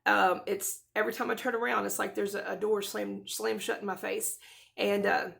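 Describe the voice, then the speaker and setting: A woman in her thirties talks straight to her camera, rambling and restarting her sentences as she tries not to cry. Her voice sits at a middle pitch and has a creaky, gravelly edge. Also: flat delivery, normal speed. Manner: earnest, rambling, with many restarts and soft laughs. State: close to tears. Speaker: vlogger. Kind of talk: casual talk to camera.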